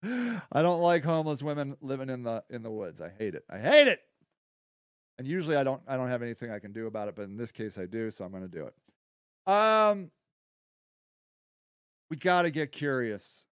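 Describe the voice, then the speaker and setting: A man hosting a podcast in a casual monologue, rambling and blunt, often profane, going from quiet asides to heated stretches. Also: medium pitch, very animated, fairly quick, clean tone, no room sound, studio quality. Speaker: podcast host.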